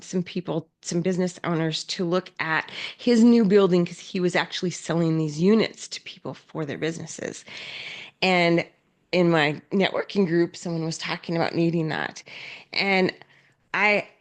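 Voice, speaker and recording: A woman speaking at a business event, with a slightly low voice. She tells her stories with animation, jumping into the voices of the people she quotes. Her talk is loose, full of fillers and restarts. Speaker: conference speaker. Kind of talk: storytelling keynote talk.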